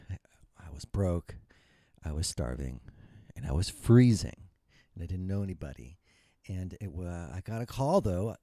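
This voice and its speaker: A man's voice: fairly low pitch, mellow, dry recording, studio quality. A man in his fifties, a retired musician telling his life story in a humorous, rambling and self-mocking monologue.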